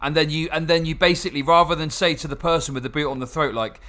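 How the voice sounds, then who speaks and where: A man's voice: fairly high pitch, fairly even intonation, fast talker, hardly any pauses, bright, forceful tone. A young man chatting casually and sarcastically while playing a game, swearing often and rambling with restarts. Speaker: gaming channel host.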